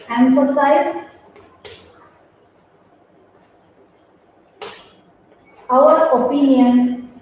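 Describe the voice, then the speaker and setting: A woman teaching a grammar lesson to students, speaking slowly and deliberately and repeating key words. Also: sits high, darkish tone, slight background noise. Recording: roomy, echoey, distant, dull audio.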